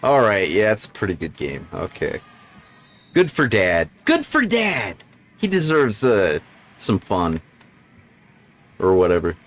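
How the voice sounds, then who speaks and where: A man's voice: deep voice, very animated, unhurried, long pauses. A man streaming a video game, talking into a desk microphone in casual, jokey and sarcastic commentary that rambles along.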